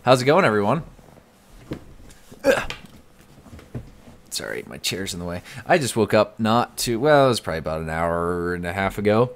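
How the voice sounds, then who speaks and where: A man's voice: fairly low pitch, big pitch swings, normal speed, pauses often, a little hiss or hum. A young man streaming live from home, chatting casually and reading out the chat.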